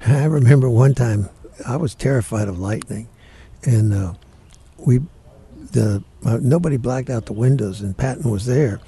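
An older man, a guest in an interview, telling family stories in a plainspoken, animated way. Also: medium pitch, normal speed, slightly rough. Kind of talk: storytelling in an interview.

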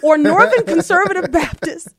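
A woman reading a story aloud and voicing a zealous man who fires eager questions at a stranger, nearly shouting. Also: extremely high pitch, normal speed, no room sound, clean studio sound, pitched above the performer's own voice.

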